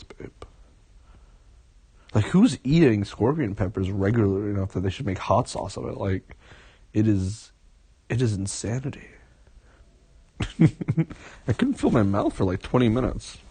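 A young man in an intimate boyfriend role-play, talking in a relaxed, teasing, affectionate way with many soft hums, as if in bed. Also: on the low side, measured pace, pauses often, slightly rough, no room sound. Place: bed, indoors.

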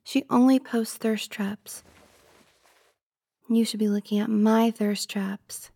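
A woman's voice: mid-range voice, fairly even intonation, takes it slowly, creaky, warm tone, slightly rough, dry recording, studio quality, exaggerated voice. A young woman voicing a jealous, possessive girlfriend in an audio role-play, pouty and teasing, sometimes dropping to a whisper.

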